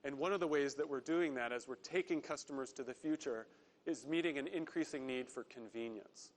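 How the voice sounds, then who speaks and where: A man giving a prepared corporate investor presentation, earnest, slowing down to stress key words. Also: medium pitch. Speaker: company executive presenter.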